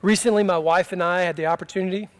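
A middle-aged pastor preaching a sermon, swinging from impassioned emphatic cries to quiet, low storytelling. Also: male voice, steady tone, quick pace.

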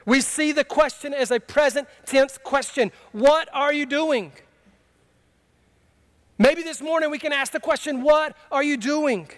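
Unhurried, a middle-aged man preaches as pastor, his sermon moving from quiet, low storytelling to impassioned, emphatic cries and back.

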